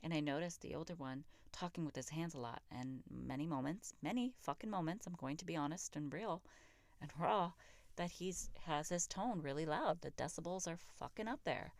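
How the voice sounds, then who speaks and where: Low-voiced, candid woman podcaster, profane and raw. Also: normal speed, no room sound. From raised in a Pakistani immigrant family. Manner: raw, profane, emphatic and self-reflective. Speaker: podcast host. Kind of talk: candid solo podcast monologue.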